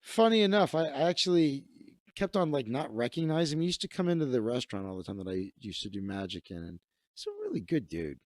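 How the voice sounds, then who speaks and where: A man's voice: medium pitch, sing-song, fast talker, a little mellow, dry recording, clean studio sound. Profane, rambling comedian in his thirties. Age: 30s. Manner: profane, rambling, self-interrupting. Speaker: comedian and magician hosting a livestream. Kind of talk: casual comedic rant.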